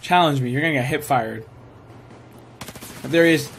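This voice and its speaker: Young man yelling through gameplay commentary. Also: a little high, brisk, long pauses, breathy edge. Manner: excitable, swears, yells at kills. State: tired. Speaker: gaming streamer.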